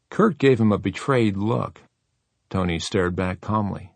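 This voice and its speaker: A man reading a novel aloud as an audiobook narrator, steady and even. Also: low-pitched, measured pace, gravelly, husky, no echo. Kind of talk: scripted narration.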